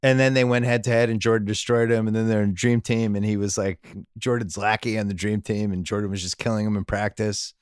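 A man's voice: lowish voice, little pitch movement, a little fast, few pauses, clear, resonant tone, no room sound, studio quality. A man hosting a sports podcast, chatting casually and joking through listener emails. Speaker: podcast host.

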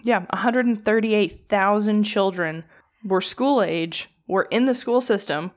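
A woman's voice: mid-range voice, a little slow. A woman co-hosting a podcast, telling a true crime story in casual, profane chat. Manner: profane, animated storyteller with mocking quoted voices.

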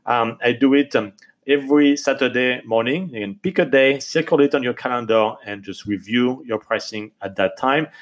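A podcast host with a French accent speaks English in a mid-range voice, giving advice. He earnestly urges his listeners on, filling his pauses with plenty of ums and uhs.

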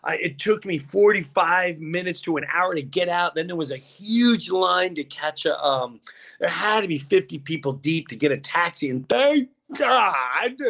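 Animated man telling a story. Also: high voice, measured pace, gravelly. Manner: animated, acts out voices in his stories. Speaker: podcast host. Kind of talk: casual storytelling chat.

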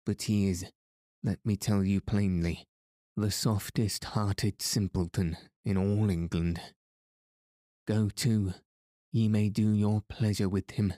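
A sharp-tongued young lady from an old storybook who teases everyone around her, read by a man. The delivery is slow and even, with a dark, low tone. It sounds dry and close to the mic. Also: no room sound. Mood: teasing. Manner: mocking, old-fashioned speech. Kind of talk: audiobook reading.

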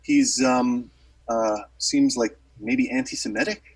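Husky guy rambling thru a story, lots of um and like, bit far off the mic. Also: mid-range voice, fairly even intonation, slow pace. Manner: rambling, many fillers and restarts. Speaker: guest musician telling a story. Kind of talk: casual storytelling.

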